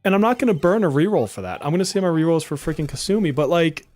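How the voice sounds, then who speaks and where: A man's voice: a little high, animated, quick pace, a little mellow, no room sound, studio quality, soft background music. A man streaming a game live, joking and exasperated, often swearing and laughing as he talks to his viewers. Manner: talks to chat viewers directly. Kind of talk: live-stream gaming commentary.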